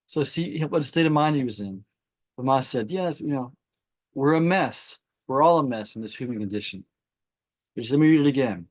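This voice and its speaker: A man hosting a spiritual gathering, reading a devotional account aloud at an unhurried pace and stopping to comment before opening the floor to discussion. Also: mid-range voice, a little mellow, no room sound. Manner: reads slowly, stopping to comment and restart phrases. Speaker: satsang host.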